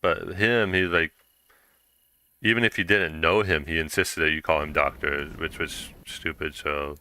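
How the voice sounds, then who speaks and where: A man's voice: rumbling low, steady tone, measured pace, sharp tone, no echo. A young man chatting casually while streaming a game, rambling through a story with lots of fillers and restarts.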